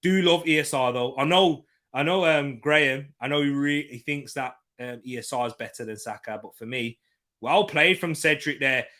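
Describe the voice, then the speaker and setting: Young man, bright forceful voice, live football watchalong host who swings from shouting at the ref to relaxed chat with viewers. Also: mid-range voice, normal speed. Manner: shouts at referee decisions, then chats calmly with viewers. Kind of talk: live match commentary and chat reading.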